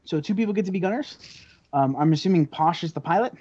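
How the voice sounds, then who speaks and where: A man's voice: sits high, animated, fast talker, dark tone. A man narrating as game master of a tabletop game, in loose, hesitant speech full of fillers. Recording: dull lo-fi recording.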